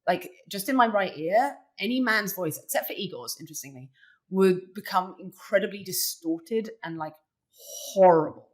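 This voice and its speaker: A young adult woman, a poker player appearing as an interview guest, casually tells a personal story at a moderate pace in a medium-pitched voice. She's chatty and animated in the retelling, sprinkling in lots of "like" fillers.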